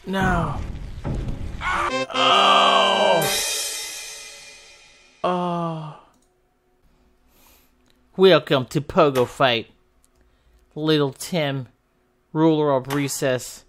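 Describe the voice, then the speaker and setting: A man giving casual let's-play commentary, excitable and reacting to the game with goofy exclamations and yelps. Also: fairly high pitch, very slow, pauses often, over loud music. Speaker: gaming video host.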